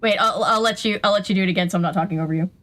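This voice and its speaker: A woman hosting a casual gaming chat with a friend, reacting with quick, incredulous questions. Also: medium pitch, fairly bright tone. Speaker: host.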